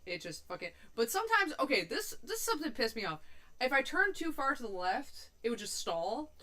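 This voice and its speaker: A woman's voice: a little high, very animated, a little fast, bright, forceful tone. A young woman hosting a casual cooking livestream, chatting and rambling loosely with her viewers and swearing casually. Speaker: livestream host.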